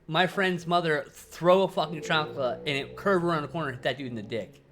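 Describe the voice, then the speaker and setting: A woman's voice: deep voice, brisk, a bit bright, slight background noise. A woman in her thirties chatting casually on a live stream, reading chat messages aloud, telling stories and swearing freely. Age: 30s.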